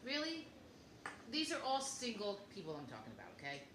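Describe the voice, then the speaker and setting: A woman's voice: mid-range voice, huge pitch swings, fairly quick. A woman in her fifties chatting casually as a co-host, rambling through stories and acting out both sides of each conversation. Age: 50s. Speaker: podcast co-host. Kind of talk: casual chat. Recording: echoey room with faint noise.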